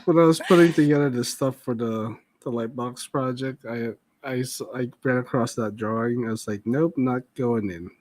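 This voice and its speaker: A man hosting a casual art podcast, chatty and quick to laugh, often trailing off mid-sentence. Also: mid-range voice, fairly even intonation, a little mellow, dry recording. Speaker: podcast host. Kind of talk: casual chat.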